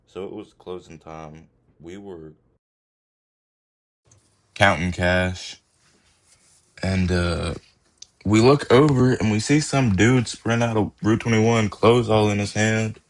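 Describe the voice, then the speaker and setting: Deep-voiced young man telling stories. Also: fairly even intonation, slow pace, pauses often. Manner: laid-back, laughs while telling, slangy phrasing. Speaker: podcast host. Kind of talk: casual storytelling.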